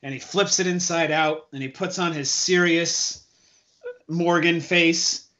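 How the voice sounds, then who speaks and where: A man's voice: fairly high pitch, fairly even intonation, measured pace, pushed and bright. A man playing a tabletop game, rambling and trailing off. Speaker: player. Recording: dull lo-fi recording.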